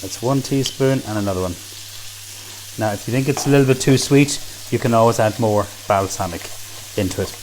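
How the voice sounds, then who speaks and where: In a kitchen cooking demonstration, a man from Ireland chats eagerly while making a recipe and raves about the food. He has a fairly low pitch, and there's slight background noise.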